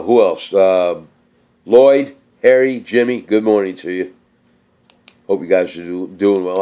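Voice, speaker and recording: Rambling low-voiced man with fillers. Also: warm tone. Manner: rambling, hesitant, many fillers; slightly slurred speech. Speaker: vlogger. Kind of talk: casual cooking chat and viewer shout-outs.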